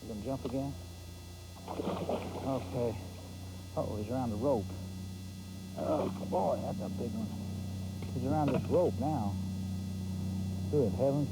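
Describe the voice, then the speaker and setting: A man hosting a fishing show, giving folksy live commentary from a boat on a pond and exclaiming loudly. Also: mid-range voice, very noisy.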